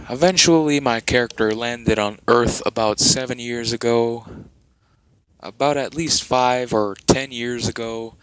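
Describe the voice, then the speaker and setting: Slow, rambling male fan storyteller. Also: mid-range voice, fairly bright tone, smooth, dry recording, poor audio. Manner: rambling, many fillers and restarts. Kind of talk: improvised fan story narration.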